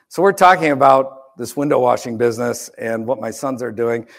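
A man's voice: mid-range voice, normal speed, gravelly. A middle-aged man, a pastor from the United States, preaching a sermon in a conversational, wry storytelling way with asides.

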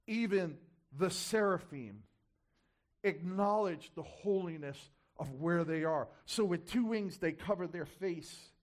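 A man's voice: high voice, slow pace. A man preaching a sermon, repeating key words for emphasis and asking the congregation rhetorical questions.

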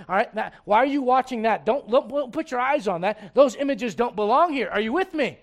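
A middle-aged man preaching with a high, lifted voice. He swings from hushed asides to loud, animated quoted voices and chuckles at his own jokes. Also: brisk, few pauses. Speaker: pastor. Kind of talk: sermon.

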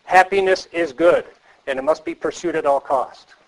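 A man's voice: on the high side, normal speed, poor audio. A man giving a teaching lecture to counselors, earnest and emphatic, repeating key phrases and asking the class questions. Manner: asks the class rhetorical questions.

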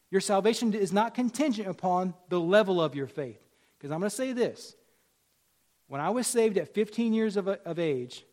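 A man's voice: sits high, darkish tone. A man in his forties preaching a sermon in a conversational way, repeating phrases and rising for emphasis. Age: 40s. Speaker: pastor.

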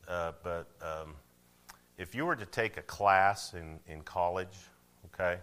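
A man preaching a sermon, shifting between quiet asides and loud, emphatic declarations. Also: deep voice. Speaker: pastor.

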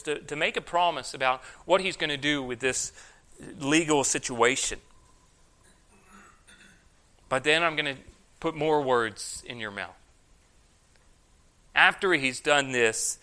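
A man's voice: medium pitch, pushed and bright, smooth. A man preaching an expository sermon, reading scripture aloud with emphasis and then explaining it. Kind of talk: sermon, expository Bible teaching.

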